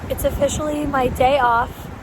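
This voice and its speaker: A woman with a raspy voice from laryngitis, chatting through a casual shopping vlog voiceover with lots of fillers. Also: high voice, little pitch movement, moderate pace, heavy background noise. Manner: chatty, enthusiastic, many fillers. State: hoarse from laryngitis. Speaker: vlogger.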